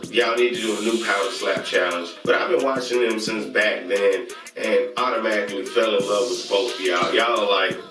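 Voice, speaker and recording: A man hosting his own channel, chatting casually and excitedly as he gives shout-outs, rambling and slangy. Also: on the low side, far from the mic. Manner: hyped, chanting catchphrases, slangy and rambling. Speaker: YouTube host reviewing comedy channels. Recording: echoey room from off-mic with music. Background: music playing.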